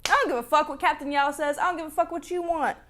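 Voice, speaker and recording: A woman's voice: high-pitched, steady tone, pitched above the performer's own voice, close to an everyday voice. Woman putting on a ruthless, foul-mouthed woman boss. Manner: blunt, profane, rapid-fire threats. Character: ruthless commanding woman mission leader.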